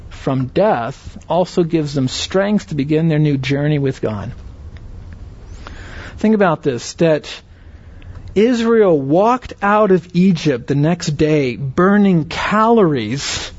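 A man teaching a Bible lesson in an earnest, explanatory way, often checking that listeners follow with quick rhetorical questions. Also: fairly high pitch, darkish tone, no echo. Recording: dry, slightly dull lo-fi recording.

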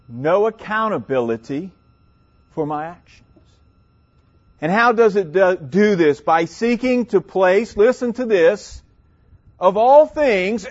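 Preacher, male, slow emphatic delivery with long pauses, dull lo-fi sound. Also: sits high. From South Louisiana. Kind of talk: sermon.

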